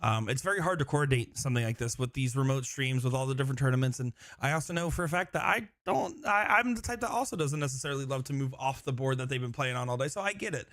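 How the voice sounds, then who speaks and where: A man's voice: medium pitch, lively intonation, fast, hardly any pauses, fairly bright tone, dry recording. A man commentating a live darts stream, rambling and laughing often as he chats with his co-host. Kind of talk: live sports commentary, casual banter.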